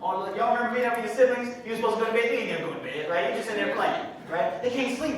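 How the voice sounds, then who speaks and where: A man telling a story in a sermon, animated and calling to the crowd. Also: very high-pitched, racing, few pauses, a little hiss or hum. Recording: echoey hall from far off.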